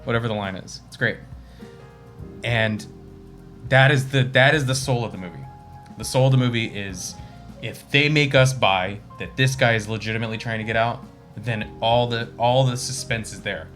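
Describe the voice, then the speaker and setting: A man's voice: mid-range voice, moderate pace, fairly bright tone, soft background music. A man co-hosting a casual movie discussion, rambling and swearing freely as he recounts scenes. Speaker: podcast co-host.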